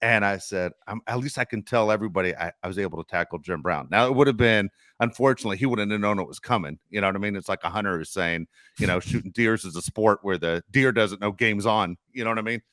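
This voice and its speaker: A middle-aged man hosting a sports podcast, telling stories in casual, animated chat. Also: lowish voice, fast talker, no echo, clean studio sound. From Los Angeles area. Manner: storytelling, animated, swears casually. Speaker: podcast host.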